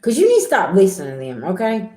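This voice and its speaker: A woman's voice: mid-range voice, wildly swooping pitch, fast, warm tone, roomy sound, slight background noise. A middle-aged woman giving a casual tarot reading, blunt and repetitive, talking straight to her viewers. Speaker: tarot reader.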